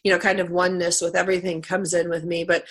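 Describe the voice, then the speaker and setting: A woman's voice: lowish voice, flat delivery, fast talker. A middle-aged woman hosting a radio talk show, who has a cold and tells stories chattily, laughing often. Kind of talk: casual interview chat.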